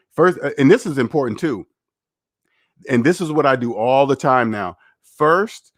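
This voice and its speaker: A man's voice: mid-range voice, no echo, studio quality. A man hosting a finance livestream, rambling and candid as he reads the chat aloud and chats casually.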